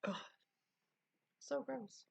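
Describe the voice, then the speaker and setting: A woman's voice: drawn-out words, dark tone. A woman streamer chatting casually with her live chat, laughing often and full of exclamations, at a desk mic.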